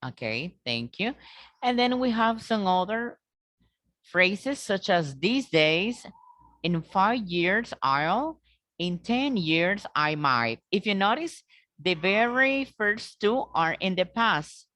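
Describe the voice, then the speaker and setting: Slow-talking woman teacher on a video call. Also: mid-range voice, sing-song, fairly bright tone, no room sound. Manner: patient, repeats and checks with students. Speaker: English teacher. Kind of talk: online class instruction.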